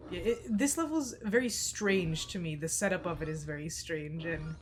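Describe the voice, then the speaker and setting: A woman's voice: fairly low pitch, moderate pace, faint music behind. A woman streaming a game, talking casually in a chatty, rambling, candid way, with an occasional swear. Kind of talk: casual let's-play commentary.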